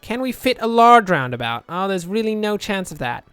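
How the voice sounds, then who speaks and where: A man's voice: high-pitched, sing-song, normal speed, a bit bright, clear, resonant tone, no room sound. A young man casually commentating his gameplay, rambling and joking, muttering asides to himself at a home desk microphone. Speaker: let's play host.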